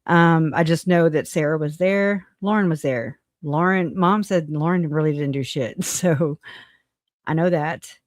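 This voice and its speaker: A woman's voice: deep voice, unhurried, no echo, clean studio sound. Blunt, profane woman ranting on a livestream. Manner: blunt, profane, laughs between remarks. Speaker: livestream host. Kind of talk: casual livestream rant.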